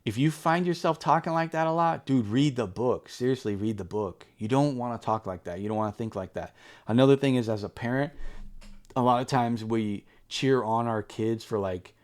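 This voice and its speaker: A man with a mid-range voice and a moderate pace rambles through a casual, honest book review. Fillers and restarts are everywhere, though he becomes earnest and emphatic whenever he urges the audience.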